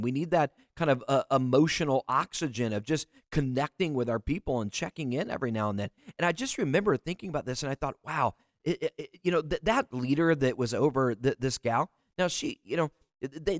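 A man's voice: a little high, big pitch swings, a little fast, no echo, clean studio sound. A man who works as a leadership coach, giving a motivational talk straight to leaders in an earnest, direct way. He often stumbles and repeats words as he presses a point.

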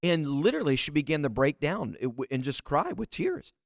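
A man's voice: on the high side, big pitch swings, fairly quick, vocal fry, no echo, studio quality. A man who works as a leadership coach, giving a motivational talk straight to leaders in an earnest, direct way. He often stumbles and repeats words as he presses a point.

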